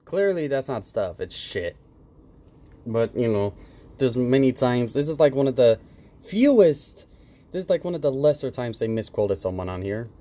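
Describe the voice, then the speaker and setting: Sarcastic guy ranting at a clip, swears a lot, warm low-key voice. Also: animated, moderate pace. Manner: sarcastic, profane, mocking mimicry. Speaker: reaction commentator. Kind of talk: casual reaction commentary.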